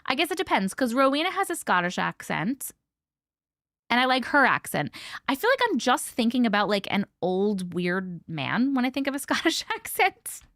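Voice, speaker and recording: Woman, streamer host, casual and chatty, slightly high voice, dry close sound, swears freely. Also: normal speed, dry recording. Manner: chatty and bubbly, casual swearing, frequent laughs; lively, greets viewers by name. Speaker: livestream host. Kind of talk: casual live-stream chat, reading viewer comments.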